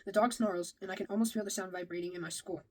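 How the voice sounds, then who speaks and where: Over poor audio, a fast-talking woman with a mid-range voice and fairly even intonation reads a novel aloud, telling the story in the first person. She sometimes stumbles and rereads a phrase.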